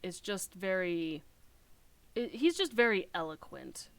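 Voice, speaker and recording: Chatty alto woman gaming live, quick asides and self-corrections. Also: fairly low pitch, very animated, no echo. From outside the UK. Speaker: game streamer. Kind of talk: casual gameplay chat.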